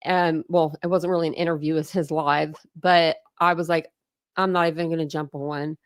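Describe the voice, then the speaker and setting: A woman's voice: low voice, flat delivery, normal speed, smooth, dry recording, studio quality. A woman hosting a casual true crime livestream, chatting, greeting viewers and laughing often from her home. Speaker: true crime channel host.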